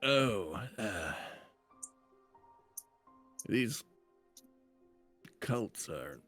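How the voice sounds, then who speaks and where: A man playing a thoughtful male dwarf druid in a tabletop game, measured and formal. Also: fairly low pitch, very animated, a bit bright, faint music behind, exaggerated voice. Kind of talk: tabletop role-play.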